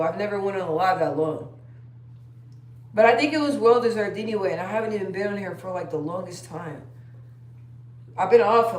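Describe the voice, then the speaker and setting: A young woman chatting casually on a phone live stream, rambling and trailing off. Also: mid-range voice. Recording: roomy echo.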